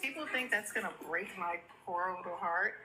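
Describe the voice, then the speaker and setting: A woman's voice: fairly low pitch, moderate pace, noisy background. A mother of seven telling a story in a sassy, dismissive way. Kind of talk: casual vlog story.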